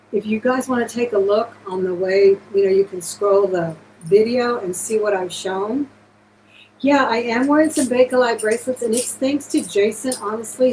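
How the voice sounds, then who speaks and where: A woman's voice: mid-range voice, a little mellow, a little hiss or hum, low-quality recording. A woman hosting a live-stream jewelry auction, chatting casually and gushing thanks to her viewers.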